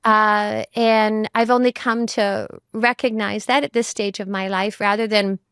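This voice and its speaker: A woman's voice: medium pitch, steady tone, a little slow, a bit bright, clean tone, dry recording, clean studio sound. A woman who is a mother, talking as a guest in a reflective conversation, thoughtful and full of "you know" and "like" fillers.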